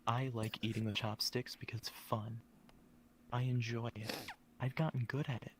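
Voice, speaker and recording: Soft-spoken man keeping his voice low. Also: level tone, moderate pace, slight background noise. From Minnesota, USA. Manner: soft, low, careful voice to avoid waking others. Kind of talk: casual chat.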